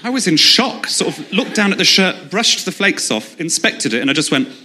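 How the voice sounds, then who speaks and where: A man, doing a stand-up comedy set in a deadpan storytelling style with sudden high outbursts. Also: moderate pace, a little hiss or hum. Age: 20s. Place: comedy club stage. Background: audience laughter.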